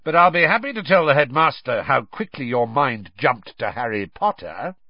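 Moody, a man doing a gruff scarred old fighter. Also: mid-range voice, very animated, moderate pace, no room sound, muffled recording. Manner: gruff, barking and dryly menacing.

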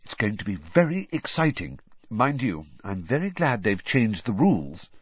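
A man voicing a warm, motherly middle-aged woman who speaks fondly and knowingly in a storybook reading. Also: on the low side, sing-song, normal speed, slightly rough, dry recording, dull audio. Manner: fond, gently knowing.

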